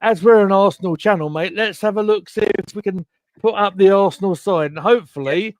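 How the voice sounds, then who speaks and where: Man, host, casual chat stream, excitable, stumbling restarts, high pitch, dry. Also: brisk, dry recording. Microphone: home computer mic on a video call.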